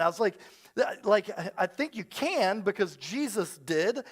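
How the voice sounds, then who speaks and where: A man's voice: sits high, expressive, moderate pace, a bit bright. A man in his thirties, a pastor preaching a sermon, telling a story with self-deprecating humor. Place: church service with live audience.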